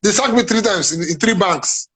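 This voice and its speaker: A man with a Nigerian accent speaks emphatically and preachily in an interview. His voice sits high and sounds husky, and he keeps checking that the listener follows him. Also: moderate pace, fairly bright tone, rough recording. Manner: emphatic, preachy, repeats "are you getting me now". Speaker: guest, playwright and businessman. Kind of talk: animated interview chat.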